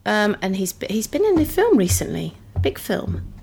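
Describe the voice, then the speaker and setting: A woman's voice: mid-range voice, huge pitch swings, moderate pace, gravelly, a little mellow, breathy edge. A woman co-hosting a podcast, chatting casually and teasing her co-host. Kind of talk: casual chat.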